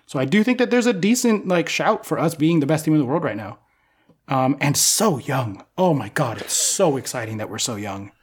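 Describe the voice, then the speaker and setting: A young man co-hosting a casual podcast chat, excitable and swearing freely as he rambles as a fan. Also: fairly high pitch, moderate pace, slight background noise. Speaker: podcast co-host.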